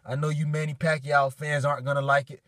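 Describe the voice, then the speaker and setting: Excited dude vlogging, swearing a lot, kinda choked up, voice sits a bit high, dry sound. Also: male voice, quick pace, no echo. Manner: hyped, profane, swings from yelling to choked up. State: emotional, choked up. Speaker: boxing fan vlogger. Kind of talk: excited fan reaction vlog.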